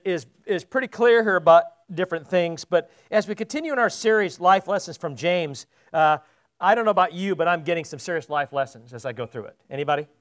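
Speaking in a high, slightly bright voice, a male pastor delivers a sermon in the sanctuary. He keeps it chatty and puts questions to his congregation.

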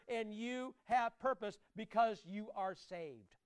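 A man preaching a sermon to his congregation, emphatic and direct, often repeating his words and rising to loud climaxes. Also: sits high, slow pace, a little hiss or hum. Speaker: pastor.

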